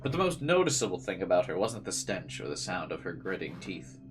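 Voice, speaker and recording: A man's voice: low-pitched, sing-song, fairly quick, over music. A man hosting a let's play, reading a visual novel's narration aloud and breaking in with dry joking asides.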